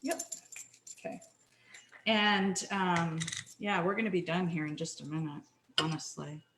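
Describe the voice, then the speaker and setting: A woman's voice: on the low side, fairly even intonation, measured pace, roomy sound, background noise. A middle-aged Canadian woman hosting a casual cooking show from her kitchen, chatty and self-deprecating, apologizing often as she works. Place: home kitchen.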